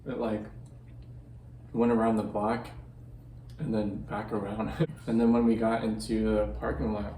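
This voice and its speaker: A young man hosting a casual food vlog, upbeat and excitable, chatting while he eats. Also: on the low side, a little slow, long pauses. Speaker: mukbang vlogger host. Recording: echoey room, distant mic, faint noise.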